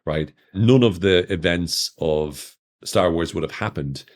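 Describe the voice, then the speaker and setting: Low-voiced, chatty male podcast host. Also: a little slow. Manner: enthusiastic, chatty, with playful asides to listeners. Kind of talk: solo podcast talk.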